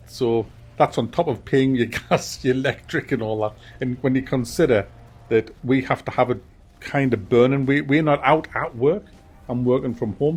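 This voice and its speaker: Husky man chatting casually. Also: mid-range voice, darkish tone. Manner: rambling, frequent restarts and mild swearing. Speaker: gaming channel host. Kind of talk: casual monthly update chat. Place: home office.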